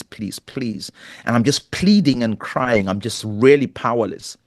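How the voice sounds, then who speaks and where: A man's voice: fairly low pitch, no room sound, studio quality. Earnest middle-aged male pastor storyteller. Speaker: pastor and guest. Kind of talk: storytelling interview.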